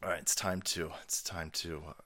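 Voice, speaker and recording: A livestream host with a low, level, pushed and bright voice speaks at normal speed. He delivers a foul-mouthed political comedy rant, mocking and profane, and laughs often.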